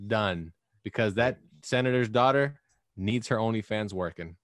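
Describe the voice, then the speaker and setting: A man hosting a podcast in casual chat, animated and joking, often slipping into mock voices. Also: lowish voice, moderate pace, no room sound, studio quality. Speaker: podcast host.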